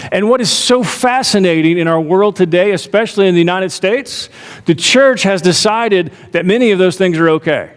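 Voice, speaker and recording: A middle-aged male pastor preaching a sermon, talking to the congregation conversationally with rhetorical asides. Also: sits high. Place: church sanctuary. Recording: long reverb of a church hall.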